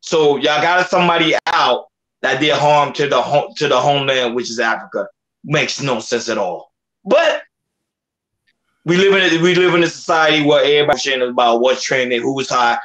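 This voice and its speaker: A man's voice: medium pitch, moderate pace, a bit bright, rough recording. A man hosting a reaction channel, giving casual commentary with stumbling restarts.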